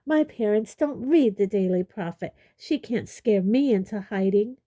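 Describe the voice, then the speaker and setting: Fierce determined teen girl, woman reader voicing her, higher and louder, brisk, indignant. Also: expressive, close to an everyday voice. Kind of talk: audiobook character voice.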